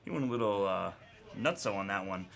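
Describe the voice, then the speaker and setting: A man's voice: lowish voice, expressive, a little fast, vocal fry, a bit bright. A young man hosting a live card break, chatting casually and telling a story between calling out names. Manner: chatty storyteller, laughs often, calls names of pulled cards. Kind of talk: casual chat while opening cards.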